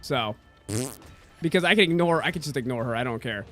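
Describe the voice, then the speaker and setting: A young man streaming a game rants casually and swears a lot, mimicking the people who said things to him. His medium-pitched, fairly bright voice is animated and a little fast, with faint music in the background.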